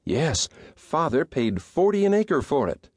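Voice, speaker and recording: Brief: eager, bright-voiced young woman in a western audiobook, voiced by a man, dry studio read. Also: fairly high pitch, sing-song, a little slow, dry recording, pitched above the performer's own voice. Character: cheerful, trusting young woman on a stagecoach. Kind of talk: audiobook character voice.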